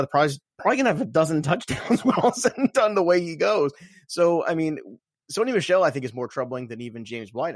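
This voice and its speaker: A man's voice: mid-range voice, no echo, clean studio sound. A man co-hosting a sports podcast, chatting casually with playful hype and lots of filler words. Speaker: fantasy football podcast co-host. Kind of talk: casual chat.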